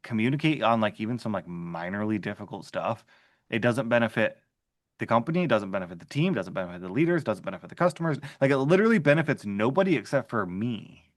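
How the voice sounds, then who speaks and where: An ex-HR manager talks through a story from work during an interview, in a relaxed, chatty way, peppering it with "like" and frequent restarts. He has a medium-pitched voice, recorded in clean studio sound without room echo.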